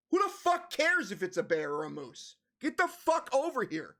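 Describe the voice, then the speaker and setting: A man reacting to a horror story in comedic commentary, venting exasperation and swearing freely. His voice is notably high for a man. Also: big pitch swings, normal speed, a bit bright. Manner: exasperated ranting, heavy swearing. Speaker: reaction video host.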